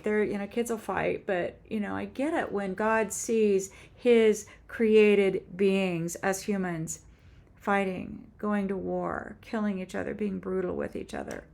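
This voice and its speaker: Gravelly-voiced woman in her seventies. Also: mid-range voice, animated, darkish tone. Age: 70s. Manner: halting, heartfelt storytelling with many restarts. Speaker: author and YouTuber. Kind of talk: personal faith testimony vlog.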